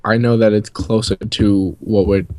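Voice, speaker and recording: A man's voice: lowish voice, steady tone, measured pace, darkish tone. A young man from New England in a casual storytime chat, rambling and swearing as he rants. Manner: rambling, profane, ranting. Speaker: co-host.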